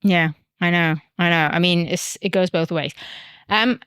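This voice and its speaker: A woman's voice: on the low side, steady tone, unhurried, fairly bright tone, smooth, dry recording, clean studio sound. A woman from Hong Kong with an English accent, co-hosting a podcast in casual chat, blunt and exasperated, swearing freely. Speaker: podcast co-host.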